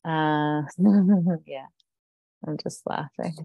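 A woman's voice: low-pitched, very slow, gravelly, dry recording, narrow, tinny audio. A woman co-hosting a casual pop culture podcast, speaking frankly and opinionatedly, swearing now and then and laughing easily. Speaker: podcast co-host. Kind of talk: casual chat.

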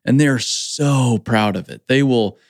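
A man's voice: mid-range voice, slow, no room sound, studio quality. A man hosting a casual conversation, enthusiastic and upbeat, often saying "like".

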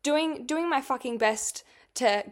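A woman's voice: high voice, slow pace. A young woman hosting a podcast, telling a personal story in a casual, rambling way, swearing often and filling with "like". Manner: chatty, swears a lot, fills with "like". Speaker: podcast host.

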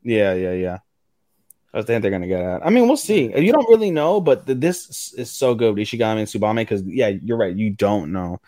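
Excitable man co-hosting an anime chat. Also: on the low side, a little fast, no room sound. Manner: animated, swears often, acts out character quotes. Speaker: podcast co-host. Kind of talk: casual anime recap chat.

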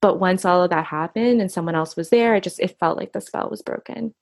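A middle-aged woman speaking softly and reflectively in an intimate interview, often pausing and restarting her sentences. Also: fairly low pitch, vocal fry, no room sound, studio quality. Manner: soft, reflective, halting with restarts. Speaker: guest recounting her husband's death.

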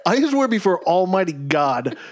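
Laughing, joking man, slightly high. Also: big pitch swings, normal speed. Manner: joking, laughing, sarcastic asides. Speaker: podcast co-host. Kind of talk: casual chat.

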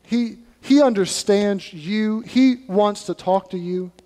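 Man, pastor, sermon, high voice, animated conversational delivery, long church reverb. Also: takes it slowly. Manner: animated, conversational preaching with acted asides. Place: church sanctuary.

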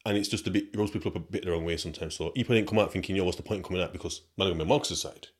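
With a deep voice and rapid-fire delivery, a young British podcast host rambles chattily through a story. He uses street slang and keeps making asides to his listeners.

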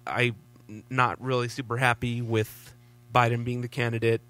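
Brief: male podcast co-host, bright voice, dry close sound, relaxed hesitant chat. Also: medium pitch, normal speed, dry recording. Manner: laid-back, hesitant, many fillers. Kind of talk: casual political chat.

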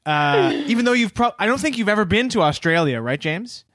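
A man's voice: high-pitched, sing-song, brisk, a bit bright. A man co-hosting a comedy podcast, talking in an easygoing, hesitant way with many fillers. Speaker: podcast co-host. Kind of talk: casual comedy podcast chat.

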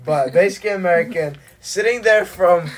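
A young adult host rattles off a story for friends, swearing freely and acting out every beat. The voice sits at an ordinary middle pitch and sounds relaxed and conversational. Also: normal speed. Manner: profane, animated anecdote telling. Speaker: podcast host. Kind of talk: casual storytelling chat.

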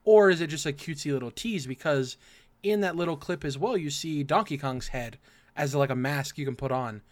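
A man hosting a casual gaming podcast, his throat rough and raspy from acid reflux, leading segments and asking his co-hosts questions. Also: a little high, fairly quick. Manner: runs the segments, asks the panel questions. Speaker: podcast host.

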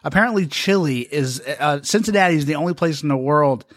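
A man with a stuffy nose co-hosts a casual podcast. He is laid-back, laughs easily and repeats his points. His voice sits a little high for a man, recorded dry and close. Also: fast, no echo. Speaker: podcast co-host.

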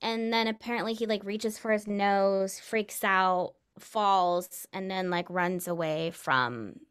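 A woman's voice: mid-range voice, takes it slowly, clean tone. A woman casually telling a ghost story to friends, acting out the quoted voices as she goes. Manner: animated, acts out quoted voices. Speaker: podcast co-host telling a story.

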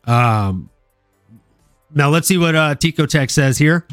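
A man's voice: on the high side, lively intonation, takes it slowly, clear, resonant tone, no room sound, clean studio sound, faint music behind. A man hosting a casual sports podcast, rambling and joking with plenty of ums and restarts. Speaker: podcast host.

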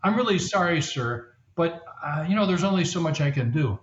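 A woman's voice: sits low, lively intonation, fairly quick, roomy sound, highs cut off. A man playing a flustered female airline counter agent who is close to tears and apologetic. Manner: apologetic, helpless.

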